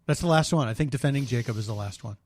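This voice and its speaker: A man's voice: mid-range voice, rapid-fire, a little mellow. A man co-hosting a podcast in casual chat, bantering in a dry, teasing way. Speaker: podcast co-host.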